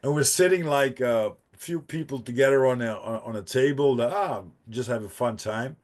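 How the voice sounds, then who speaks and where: A man's voice: mid-range voice, normal speed, a little mellow. A man, a podcast guest telling a profane, rambling story with laughs and restarts. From Netherlands. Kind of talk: casual storytelling.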